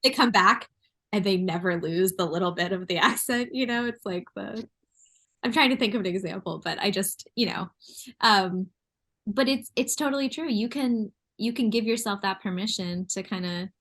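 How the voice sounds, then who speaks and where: A woman's voice: mid-range voice, a bit bright. A woman guest on a podcast, chatting casually and thoughtfully about everyday life, laughing often. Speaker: artist and designer, podcast guest. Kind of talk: casual chat. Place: New York.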